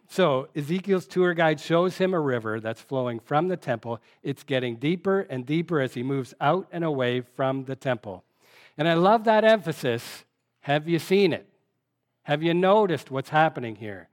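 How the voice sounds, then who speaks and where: Preacher, man, voice on the higher side, conversational teaching sermon with scripture readings. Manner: conversational, reads scripture aloud, engages the congregation.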